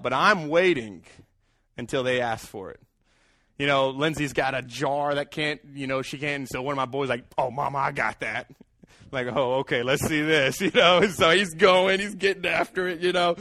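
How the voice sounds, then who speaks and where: A man's voice: on the high side, a little fast, bright, forceful tone, dry recording, studio quality. A man, preaching a sermon and calling out to the congregation for answers. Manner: calls out to the congregation for responses. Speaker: pastor.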